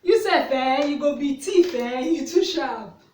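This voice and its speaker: A woman putting on a teasing neighborhood mother with a Nigerian Pidgin accent who loudly chides her son with sing-song "eh?" tags, recorded from a distance in a roomy space. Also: sits high, animated, a little slow, pitched above the performer's own voice.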